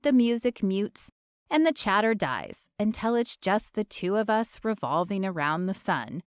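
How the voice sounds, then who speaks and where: A woman narrating a romance audiobook in the first person, expressive and storytelling. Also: mid-range voice, a little slow, clear, resonant tone, no echo, clean studio sound.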